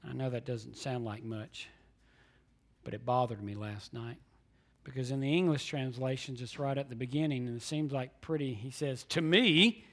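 A man preaching a sermon as pastor, swinging from hushed, near-whispered lines to loud emphatic declarations and repeating key phrases. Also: medium pitch, fairly even intonation, moderate pace.

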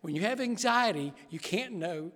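A middle-aged man, a pastor preaching an emotional sermon that swings from quiet to raised. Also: high-pitched, lively intonation, normal speed, big-room sound.

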